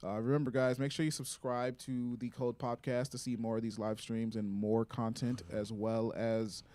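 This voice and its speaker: A man hosting a casual podcast, steering the talk with dry, relaxed jokes. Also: medium pitch, moderate pace. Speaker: podcast host. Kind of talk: casual chat.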